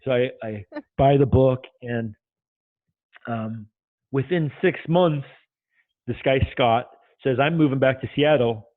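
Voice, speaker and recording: A man, a guest, telling his own story in a loose and animated way, swearing freely. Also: medium pitch, slow pace, dry recording. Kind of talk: casual storytelling. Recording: tinny call audio.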